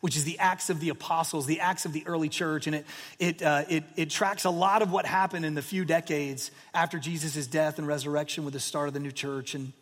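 This forties-aged pastor speaks a little fast in a steady tone, his voice fairly bright and high for a man. He delivers the sermon in a relaxed storytelling way, leaning on "you know" and "like," while long reverb echoes as if in a large hall.

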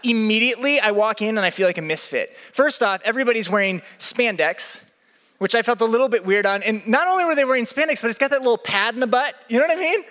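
A young male pastor preaching to a live audience in a large hall, his voice ringing out with a long reverb. He speaks high and bright, and he acts out his stories with big swings in pitch. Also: expressive, fast talker. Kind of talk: sermon with storytelling.

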